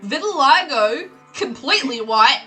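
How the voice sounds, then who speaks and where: A woman running a tabletop game as dungeon master, her pitch lifting and dipping with lots of play. She is chatty and narrates between laughs, with faint music playing in the background. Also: lively intonation, unhurried, pushed and bright.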